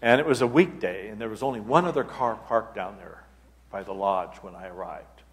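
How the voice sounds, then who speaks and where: Low-voiced man telling a story in a reverberant hall. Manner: unhurried, halting, restarts phrases. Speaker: abbot giving a retreat talk. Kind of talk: storytelling retreat talk. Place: church hall. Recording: long reverb of a large hall.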